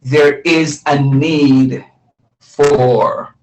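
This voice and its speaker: A man's voice: medium pitch, steady tone, very slow, darkish tone, low-quality recording. A middle-aged man teaching a live math lesson, repeating phrases and quizzing his students as he explains.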